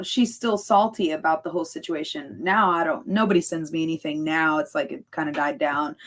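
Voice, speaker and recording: A woman in her thirties, a podcast guest, chatting casually and laughing often as she retells what others said to her. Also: on the low side. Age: 30s. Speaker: podcast guest, fighter and cake baker.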